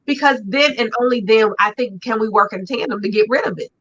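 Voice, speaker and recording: A woman's voice: on the high side, fairly quick, a bit bright. A woman hosting a conversational talk show, chatting expressively with vivid everyday images and playful asides. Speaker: podcast host. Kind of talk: casual conversational chat. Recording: dull lo-fi sound.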